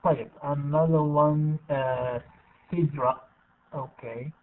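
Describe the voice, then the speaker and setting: Patient teacher. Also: male voice, a little high, steady tone, a little slow, far from the mic. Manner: patient, repeats names and words. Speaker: English teacher. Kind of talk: online class, calling on students. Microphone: online video call. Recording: tinny phone-like online call audio.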